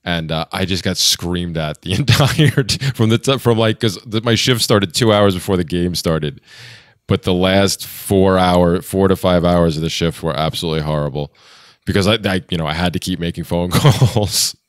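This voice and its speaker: A man with a very low, smooth and resonant voice, talking casually on a podcast. He rambles, restarts his sentences and laughs often. The sound is dry and close. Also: normal speed, dry recording. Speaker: podcast co-host. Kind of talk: casual chat.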